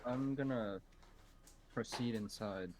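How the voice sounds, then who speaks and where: A man's voice: lowish voice, takes it slowly, noisy background. A man playing a tabletop game, chatting casually and thinking aloud with hesitant fillers. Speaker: player.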